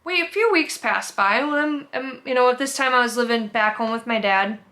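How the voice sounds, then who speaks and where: A woman's voice: fairly high pitch, fairly quick, sharp tone. A young woman telling a candid, emotional personal story in a sit-down vlog, rambling and restarting, close to tears. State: teary, emotional. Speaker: vlogger.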